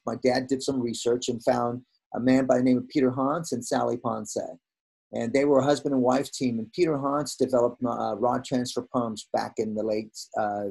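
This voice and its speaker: A veteran hairdresser in his sixties animatedly recounts stories from his career in casual conversation, acting out the quoted dialogue. His voice is medium-pitched, creaky and slightly rough.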